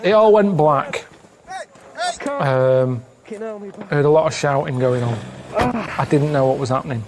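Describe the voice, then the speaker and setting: A man with an English accent telling stories from his travels in a flat, deadpan, plainspoken manner during a TV interview. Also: fairly high pitch, measured pace, background noise. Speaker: show's traveller. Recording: music underneath from a TV clip.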